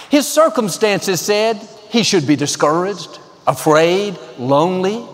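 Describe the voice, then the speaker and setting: A man's voice: high voice, expressive, unhurried, few pauses, in a large hall, slight background noise. A man preaching an upbeat, emphatic sermon as a pastor in a large church auditorium. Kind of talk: televised sermon.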